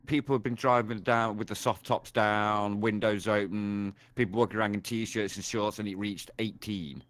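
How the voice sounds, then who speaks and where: A man in his thirties co-hosting a casual gaming podcast, chatting with animated swearing and laughs. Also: lowish voice, normal speed, no room sound. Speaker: podcast co-host.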